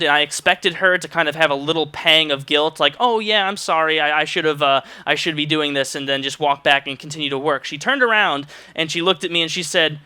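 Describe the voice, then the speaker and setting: A man tells a story to camera in an exasperated, ranting way, acting out the lines he quotes. His voice is sharply bright and tense, smooth and crisp, sitting a little higher than most men's. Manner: says he can come off as curt. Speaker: vlogger telling a personal story. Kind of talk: storytime monologue.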